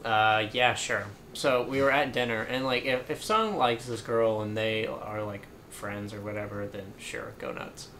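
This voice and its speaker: A man's voice: fairly low pitch, fairly even intonation, moderate pace, hardly any pauses, bright, forceful tone. Young man, podcast guest, laid-back storyteller, filler-heavy, light background hiss. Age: young adult. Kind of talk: casual chat.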